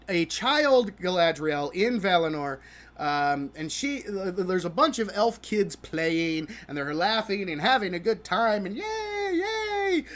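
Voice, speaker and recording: A man's voice: high-pitched, fairly bright tone. A man hosting a live stream, talking through a show he disliked while he plays a game. He is exasperated and mocking, laughs often, and stumbles and restarts his sentences a lot. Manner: halting with many restarts. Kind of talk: live-stream reaction commentary while gaming.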